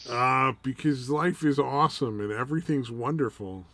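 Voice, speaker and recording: A man's voice: medium pitch, moderate pace, a bit bright, dry recording. A man co-hosting a podcast in casual chat, swearing freely and laughing often. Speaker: podcast co-host.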